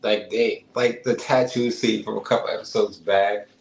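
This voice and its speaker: A man co-hosting a TV review podcast who adds short, relaxed comments in a casual chat. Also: fairly low pitch, normal speed, vocal fry. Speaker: podcast co-host reviewing a TV episode. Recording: roomy echo, faint background noise.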